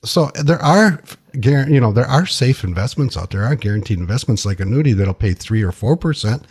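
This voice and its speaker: A man's voice: medium pitch, animated, brisk, darkish tone, slightly rough. A man who is a financial advisor, talking in a plainspoken, conversational way as a guest on a radio talk show. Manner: plainspoken, conversational, uses folksy sayings.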